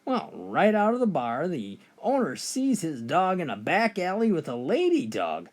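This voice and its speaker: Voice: medium pitch, wildly swooping pitch, normal speed, darkish tone. A joke teller reading out a run of short funny stories, switching briefly into voices for the characters.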